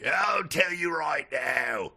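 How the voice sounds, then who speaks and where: Man voicing a squabbling mock-British teen boy, low voice, deliberately slow and snooty. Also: bright, forceful tone, full character voice. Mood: bickering. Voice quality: fake refined British accent.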